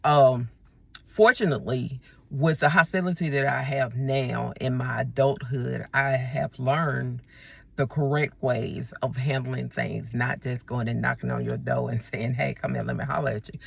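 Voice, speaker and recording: Gravelly, emphatic woman ranting to camera. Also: rumbling low, steady tone, measured pace. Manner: emphatic, repeats words and restarts often. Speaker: vlogger. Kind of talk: ranting video monologue.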